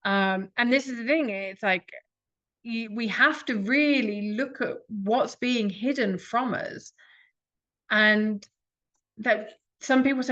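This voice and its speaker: A woman's voice: on the high side, slow, a bit bright. Earnest woman asking rhetorical questions. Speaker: speaker. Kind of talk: reflective talk to an audience. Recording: dull lo-fi recording.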